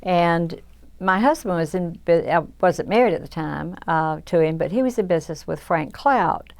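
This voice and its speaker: A woman's voice: fairly low pitch, animated, moderate pace, a little mellow. An older woman from south Georgia with a Southern American accent, reflecting in an oral history interview with many restarts and fillers.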